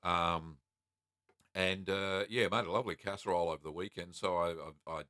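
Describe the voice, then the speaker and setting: A middle-aged Australian man from South Australia hosting a live cheese-making Q&A, reading out viewer comments in a relaxed, friendly way with many ums and uhs. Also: deep voice, moderate pace, dry recording, clean studio sound. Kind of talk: casual live-stream chat reading comments.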